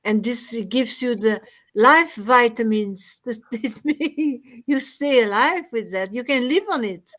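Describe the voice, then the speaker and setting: Woman in a devotional chat, fairly high voice, short agreeing bits. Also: measured pace, a bit bright. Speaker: participant in devotional group. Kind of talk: casual chat.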